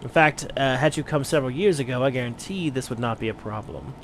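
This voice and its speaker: Brief: a man doing a blind old wine merchant, courteous, measured, mid-pitched, faint noise. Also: natural voice. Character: blind retired mercenary turned wine merchant, genteel. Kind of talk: let's play voice acting.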